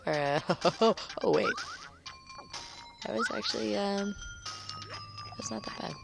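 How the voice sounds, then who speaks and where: A woman commenting on her own video game play, excitable and rambling, swearing loudly at the game. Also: medium pitch, takes it slowly, creaky, pauses often. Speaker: gaming channel host. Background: video game music.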